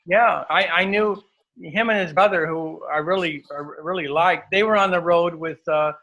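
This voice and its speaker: Halting, bright-voiced man guest. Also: a little high, rough recording. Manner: halting, with frequent "uh" fillers and restarts. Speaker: podcast guest. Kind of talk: casual interview.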